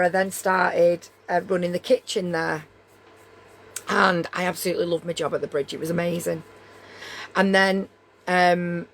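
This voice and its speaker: A woman's voice: lowish voice, a little hiss or hum. A middle-aged woman from Leigh, England, with a Northern English accent, telling a story in a blunt, heated way and swearing freely. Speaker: streamer. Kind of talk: storytelling chat.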